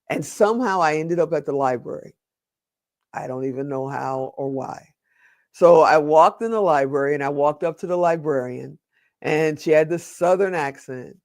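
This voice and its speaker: Earnest guy on a podcast, kinda high voice, talks slow when he drives a point home. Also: dry recording, studio quality. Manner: earnest, slows down for emphasis. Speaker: podcast guest. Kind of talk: personal storytelling in an interview.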